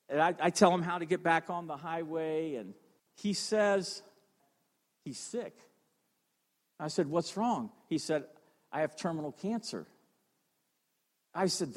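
A middle-aged man preaching a sermon, telling stories with fervor and repeating phrases for emphasis. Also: sits high. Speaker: fire chief and chaplain preaching. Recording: long reverb of a large hall.

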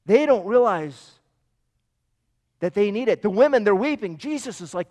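High-voiced preacher in a reverberant hall. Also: male voice, animated, unhurried, a little mellow. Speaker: pastor. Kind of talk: sermon.

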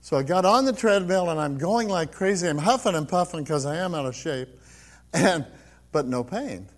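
An older man tells his personal testimony in a slightly high voice. He quotes others along the way and laughs often. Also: lively intonation, moderate pace. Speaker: preacher giving testimony.

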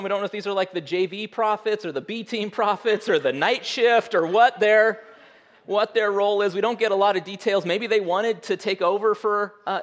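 A man giving a sermon in a conversational way, with wry humor and frequent restarts. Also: on the high side. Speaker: pastor.

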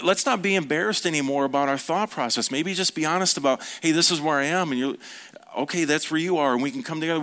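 A man preaching a conversational sermon, telling stories with relaxed, playful asides. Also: a little high.

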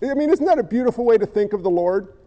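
Man, pastor, very high voice, animated sermon, quick asides to the congregation. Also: highs cut off.

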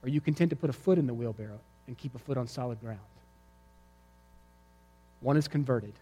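A man's voice: mid-range voice, fairly quick, mellow, slightly rough, big-room sound. A male pastor preaching a sermon to his congregation, telling a vivid story and driving his points home with emphatic repetition. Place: church sanctuary before a congregation.

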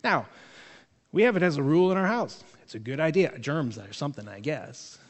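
A man's voice: a little high, a little fast. Conversational male pastor in a reverberant hall. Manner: conversational, animated, jokey asides to the congregation. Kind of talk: sermon.

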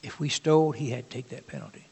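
Gravelly-voiced man preaching in a reverberant hall. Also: medium pitch, a little mellow. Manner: conversational, halting preaching with asides to the congregation. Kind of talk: sermon.

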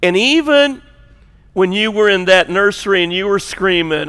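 A man's voice: high-pitched, lively intonation, normal speed, fairly bright tone, smooth. A man who is a lead pastor, preaching a sermon, joking and conversational with rising emphasis. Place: church auditorium. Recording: long hall reverb.

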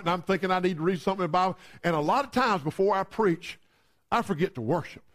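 Male preacher, high voice, chatty storytelling sermon style. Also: fast, a bit bright. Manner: conversational, storytelling with humor.

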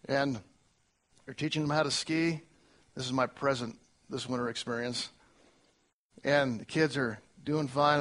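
A middle-aged male pastor delivers a sermon in a medium-pitched voice. He is earnest, swinging between loud exclamations and quiet, reflective moments.

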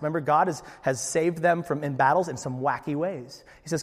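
A man preaching a sermon as pastor, acting out the dialogue with big, loud swings in voice. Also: on the high side, fairly quick, few pauses, long reverb tail.

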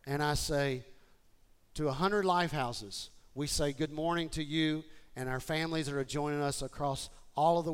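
A man preaching a sermon to his church, moving from quiet, personal talk to shouted, excited appeals. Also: on the high side, clear, resonant tone. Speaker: pastor. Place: church sanctuary with congregation.

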